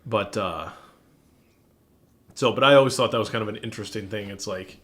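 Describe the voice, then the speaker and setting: A man's voice: fairly low pitch, fairly quick, fairly bright tone. Rambling young male podcast co-host. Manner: rambling, self-correcting, laughs often. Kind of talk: casual chat.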